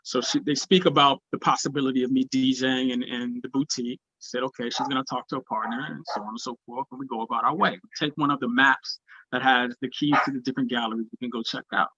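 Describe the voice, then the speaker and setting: A man giving a spiritual talk, telling a personal story in an animated way and acting out the voices of people in it. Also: medium pitch, fast, breathy edge, dry recording, highs cut off. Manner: animated, acts out quoted voices. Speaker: speaker at a spiritual gathering.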